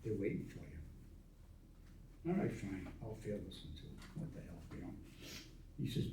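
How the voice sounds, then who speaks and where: An older man tells stories in a relaxed, chatty way and acts out the voices in them. His voice sounds roomy and echoey, and he sits at some distance from the microphone. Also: fairly low pitch, normal speed, pauses often, a little hiss or hum. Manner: animated yarn-spinner who acts out quoted dialogue with chuckles. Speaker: veteran interviewee. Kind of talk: casual storytelling of memories. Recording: roomy echo, voice from a distance of the mic.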